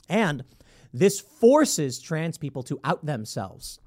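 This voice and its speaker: A male commentator reads out news passages and reacts with sarcasm and disbelief. His voice sits high and swings widely in pitch. He talks casually, stumbling and breaking into mocking asides. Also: big pitch swings, takes it slowly, warm tone. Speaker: political commentator.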